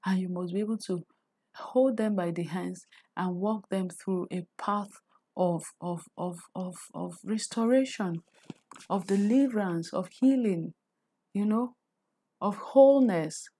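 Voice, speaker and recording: A woman's voice: medium pitch, a little slow, dark tone, slightly rough. A woman with a Nigerian accent teaching a faith-based career lesson, earnest and preachy, often repeating words as she builds her point. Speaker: career coach.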